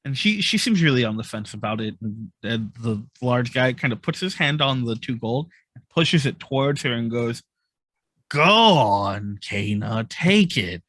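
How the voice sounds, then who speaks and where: A man narrating as game master in a tabletop game, describing scenes in an animated way. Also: mid-range voice, moderate pace, no echo. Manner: animated, descriptive, with many fillers.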